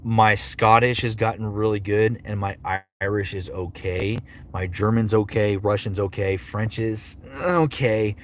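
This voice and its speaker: A man with a fairly low voice chats casually to his stream viewers, rambling from one thought to the next and often restarting his sentences. He talks from a home streaming setup into a desk mic. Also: flat delivery, moderate pace, few pauses, a little hiss or hum. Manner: rambling, self-interrupting. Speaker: voice actor and livestream host. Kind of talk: casual livestream chat.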